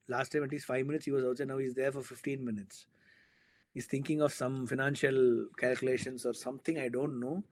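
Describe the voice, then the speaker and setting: A man, telling a story as a guest in a casual interview and acting out the dialogue he quotes. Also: medium pitch. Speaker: filmmaker guest.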